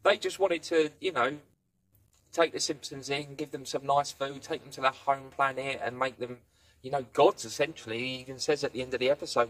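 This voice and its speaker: A man's voice: medium pitch, fairly even intonation, a little fast, a bit bright. Guy doing a chatty tv review, rambly, does little voices for quotes. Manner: rambling retelling, playfully acting out quotes. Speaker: film and TV reviewer. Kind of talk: casual spoken review.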